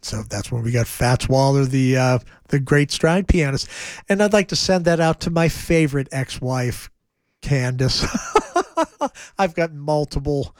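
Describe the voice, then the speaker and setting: A man's voice: medium pitch, measured pace, clear, resonant tone, no room sound, clean studio sound. A man co-hosting a radio music show, chatting casually and joking, laughing often. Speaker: radio co-host.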